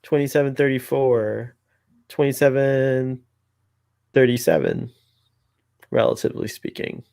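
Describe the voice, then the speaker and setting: A man's voice: medium pitch, fairly even intonation, a little slow, gravelly, long pauses, a little mellow, clear, resonant tone. A man co-hosting a casual fan commentary, playful and chatty, often laughing at what he sees. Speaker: podcast co-host.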